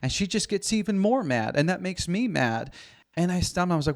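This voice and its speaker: A man's voice: high voice, very animated, brisk. A man, an executive coach, speaking as a podcast guest in an earnest, storytelling way. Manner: earnest, storytelling, quotes his clients. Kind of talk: podcast interview.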